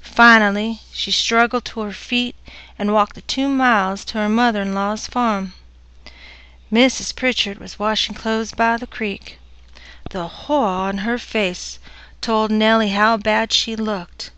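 A woman narrating a dark story in a measured, even delivery. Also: medium pitch, clean tone, no room sound.

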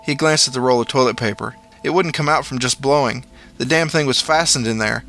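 A man reading a horror story aloud in a measured, dramatic storytelling manner. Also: mid-range voice, bright, forceful tone, soft background music. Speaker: narrator. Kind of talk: scripted horror story narration.

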